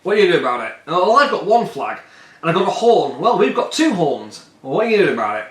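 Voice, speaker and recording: A man voicing a cocky male tribal warrior who taunts with mock friendliness, high and loud. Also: big pitch swings, quick pace, recorded from a distance. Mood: boastful. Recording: echoey room.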